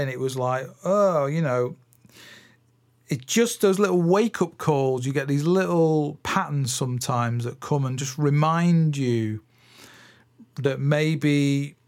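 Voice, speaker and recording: A middle-aged man, a drum teacher, chatting casually on his podcast, rambling and thinking aloud with fillers and restarts, sometimes counting out drum patterns. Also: a little high. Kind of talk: casual solo podcast chat.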